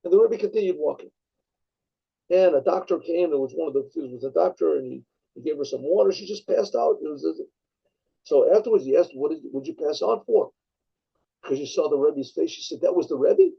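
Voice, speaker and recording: A man, a rabbi, telling a story in a rambling way, with frequent restarts and throat-clearing. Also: fairly high pitch, lively intonation, a little fast. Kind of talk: storytelling talk. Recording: dull lo-fi recording.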